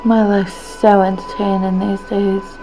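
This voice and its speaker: Slow, gravelly-voiced woman vlogging. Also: medium pitch, little pitch movement, over music, low-quality recording. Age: 20s. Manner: chatty, rambling, self-mocking. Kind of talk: casual vlog chat to camera. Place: at home indoors.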